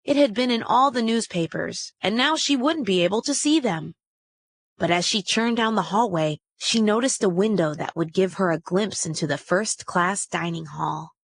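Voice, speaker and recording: A woman reading a children's story aloud in a steady, expressive way. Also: medium pitch, moderate pace, gravelly. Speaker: storybook reader.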